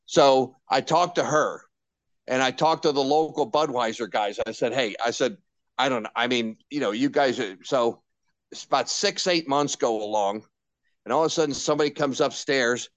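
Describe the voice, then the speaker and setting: An older radio veteran tells stories with excitement, stumbling over restarts and slipping into the voices of the people he quotes. His recording is dry and close, with no room sound. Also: medium pitch, normal speed, no echo. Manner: animated anecdotes with many restarts and quoted dialogue. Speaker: radio personality guest. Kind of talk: candid storytelling interview.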